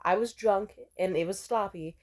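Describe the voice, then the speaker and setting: A woman's voice: medium pitch, moderate pace, darkish tone. A young adult woman telling a personal story to camera, blunt and profane, talking casually with lots of fillers. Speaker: vlogger.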